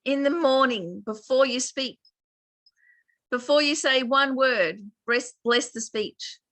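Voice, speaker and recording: Bright-voiced Australian woman teaching meditation. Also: high-pitched, takes it slowly, no echo. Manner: chatty, laughs often, warm explaining. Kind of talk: online dharma class.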